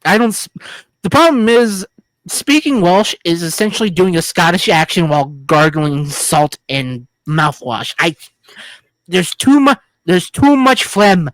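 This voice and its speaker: A woman's voice: fairly low pitch, animated, a little slow, dry recording. A woman co-hosting a film review podcast, talking casually in a rambling, jokey, crude way with many restarts. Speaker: podcast co-host.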